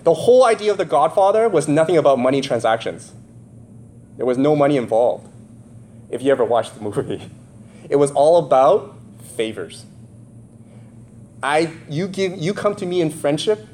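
A man's voice: on the high side, expressive, normal speed, pauses often, warm tone, slight background noise. A man with nasal congestion preaching a sermon in a conversational way, often checking in with his listeners. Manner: conversational, asks the audience questions. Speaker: pastor.

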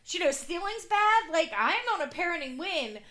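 A woman's voice: very high voice, big pitch swings, moderate pace, pushed and bright. A woman in her thirties, a mother, telling a story in casual chat, rambling and full of "like". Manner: rambling, leans on "like". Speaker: podcast co-host, mother.

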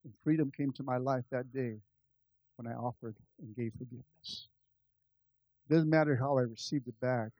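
A pastor telling a personal story in a sermon, moving between quiet, confiding asides and loud, lively peaks. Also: male voice, medium pitch, moderate pace, pauses often, no room sound, dull audio. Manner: animated, swings from soft asides to loud climaxes.

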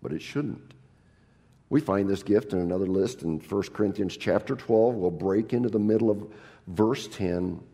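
Gravelly-voiced pastor preaching a sermon. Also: male voice, on the low side, moderate pace, warm tone, in a large hall. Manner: humorous, acts out quoted people in raised voices. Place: church.

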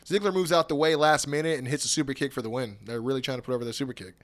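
A man recapping wrestling in casual podcast chat, animated, laughing often and mimicking wrestlers' promos. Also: mid-range voice, racing. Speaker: podcast co-host.

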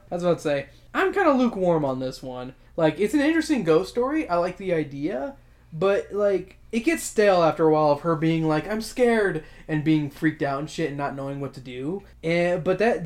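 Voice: medium pitch, expressive, normal speed, a little mellow. A podcast host summarizing and reading a kids' horror story aloud, then chatting casually and swearing now and then. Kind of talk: casual book club chat and reading aloud.

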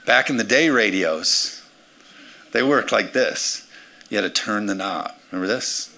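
A man in his forties, a pastor preaching a sermon with energetic swings between loud emphasis and quiet asides. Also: lowish voice, measured pace. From United States. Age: 40s.

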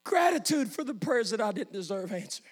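Man, pastor, sermon, very high pitch, husky, hushed storytelling rising to shouting. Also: sing-song, brisk. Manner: preaching that swells from hushed storytelling to shouted praise.

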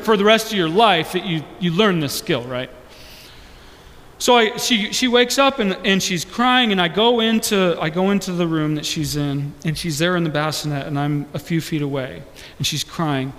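High-voiced pastor preaching in a reverberant hall. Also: male voice, fairly bright tone. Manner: earnest, rhetorical questions to the congregation. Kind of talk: sermon.

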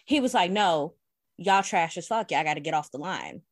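A woman in casual podcast chat, telling an animated, profane story with plenty of laughs. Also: on the low side, normal speed, dry recording, studio quality. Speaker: podcast co-host.

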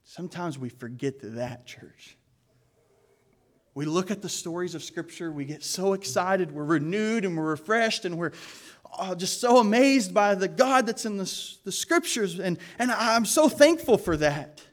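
A man's voice: high-pitched, lively intonation, unhurried. A man preaching a sermon as pastor, earnest and emphatic, with casual asides to the congregation.

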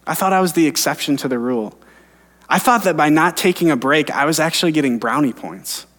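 A man's voice: fairly high pitch, fairly quick, fairly bright tone. A man in his thirties, a pastor preaching an earnest sermon and telling personal stories. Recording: long hall reverb.

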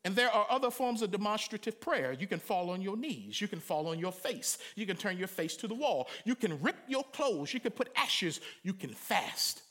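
Animated high-voiced male preacher. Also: normal speed, hardly any pauses. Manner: animated, humorous, conversational preaching with sudden loud cries. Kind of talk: sermon.

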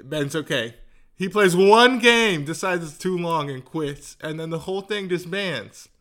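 Young male podcast host, high and bright, animated joker reacting to music. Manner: joking, animated, quick banter. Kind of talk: casual comedic chat.

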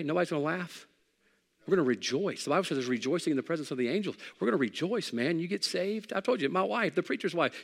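A middle-aged male pastor preaching a sermon, conversational and emphatic, shifting from loud peaks to soft pleading. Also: fairly high pitch, gravelly, in a large hall. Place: church sanctuary.

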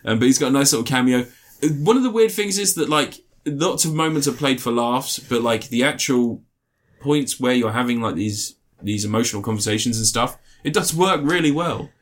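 A man co-hosting a podcast, retelling film scenes in a rambling, animated way with playful put-on voices. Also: medium pitch, a little fast, hardly any pauses. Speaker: podcast co-host. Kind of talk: casual film review chat.

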